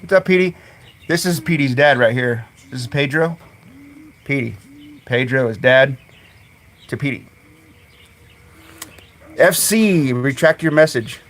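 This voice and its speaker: A man hosting a casual live stream outdoors among his birds, chatting away and calling to them in high coaxing tones, recorded on a phone. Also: slow, long pauses, a bit bright. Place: outdoors in a bird yard on a sunny day. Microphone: phone camera.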